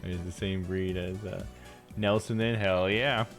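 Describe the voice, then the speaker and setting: A man's voice: deep voice, steady tone, unhurried, soft background music. A man streaming a game live, chatting in a laid-back way, laughing and talking to his dog. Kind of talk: live game playthrough with read-aloud dialogue.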